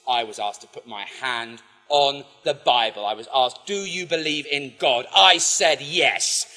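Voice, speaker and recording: A man telling a story to a live audience in an animated way, acting out the voices of the people in it. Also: medium pitch, moderate pace. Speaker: poet and speaker. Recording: long hall reverb, faint music.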